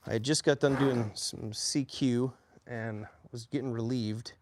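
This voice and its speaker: A plainspoken army veteran in his forties tells his story casually in an unhurried, medium-pitched voice. He gets animated whenever he quotes other people.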